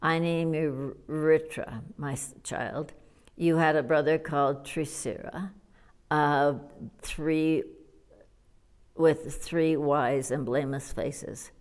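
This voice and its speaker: A woman's voice: low-pitched, fairly even intonation, takes it slowly, darkish tone. A woman reading the sorrowful, grim lines of a grieving old male divine craftsman, as an audiobook character voice.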